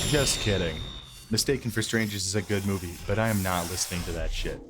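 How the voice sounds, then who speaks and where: A man's voice: low voice, normal speed, soft background music. A man giving joking, sarcastic commentary over his gameplay. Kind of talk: let's play commentary.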